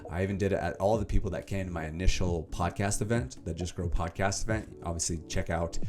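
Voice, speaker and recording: A young man in a casual vlog, summarizing a self-help book to camera with animated, emphatic delivery and plenty of fillers. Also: low voice, fast talker, over music. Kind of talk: casual energetic vlog talk.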